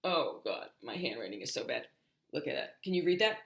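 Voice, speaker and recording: A woman's voice: rumbling low, very animated, creaky, roomy sound. A woman teaching English shapes on a livestream, chatty, often singing and stretching out words for children to repeat. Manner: sings and drills words slowly, chatty asides. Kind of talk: animated livestream lesson.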